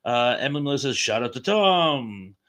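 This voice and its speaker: A man hosting a casual live chat stream, reading viewer comments aloud. He rambles between comments with plenty of ums and uhs, chatty and unhurried. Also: mid-range voice, very animated, fairly bright tone.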